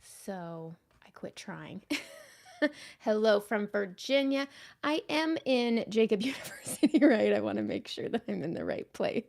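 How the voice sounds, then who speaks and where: Woman makeup host, casual live chat, gravelly tone, mutters asides to herself. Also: medium pitch, expressive, unhurried. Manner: chatty, greets viewers, drifts into soft muttered asides. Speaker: makeup artist hosting a livestream.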